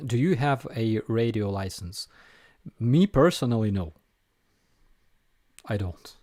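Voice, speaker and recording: A man's voice: fairly low pitch, animated, slow pace, mellow, no echo, studio quality. A man with a Ukrainian accent hosting a casual live viewer Q&A, hesitant with many fillers and restarts.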